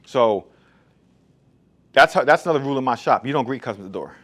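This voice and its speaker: A man's voice: mid-range voice, lively intonation, fast talker, a bit bright. A man who owns a barbershop, talking bluntly and emphatically in a casual monologue about his shop rules. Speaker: barbershop owner. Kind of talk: casual straight-talk monologue.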